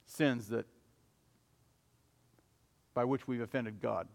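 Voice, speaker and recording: A male preacher voicing a devout sister pleading with her dying brother, urgent and swelling loud. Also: mid-range voice, fairly even intonation, slow pace, vocal fry, in a large hall. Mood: earnest.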